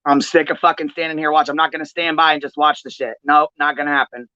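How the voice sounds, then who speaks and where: A woman's voice: sits low, fairly even intonation, fast, sharp tone, no echo. A woman hosting a livestream commentary, ranting in a heated, profane way. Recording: dull, dry lo-fi stream audio.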